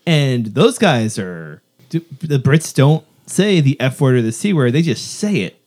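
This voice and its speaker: A man's voice: mid-range voice, very animated, a little slow, a little mellow. A man co-hosting a casual podcast, making wry joking asides. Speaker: podcast co-host.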